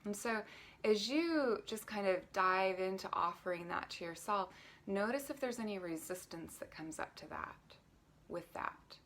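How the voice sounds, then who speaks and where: A woman coaching on self-love in a live stream, calmly leading breathing and speaking in a gentle, guiding way that sometimes drops to a near whisper. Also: medium pitch, normal speed.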